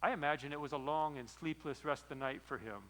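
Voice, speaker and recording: A man as pastor preaching a sermon, retelling a story in a lively, storytelling way. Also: on the high side, fast, rough recording.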